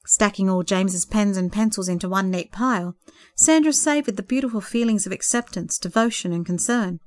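A woman narrating a story in a gentle, expressive reading voice. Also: medium pitch, fairly quick, few pauses, dry recording.

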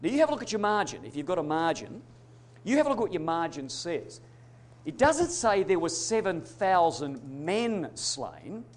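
Aussie guy preaching, fairly high pitch, gets loud then goes quiet for asides. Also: sing-song, normal speed. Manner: emphatic, rising to loud declarations and dropping to hushed asides; addresses congregation as brothers and sisters. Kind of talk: sermon.

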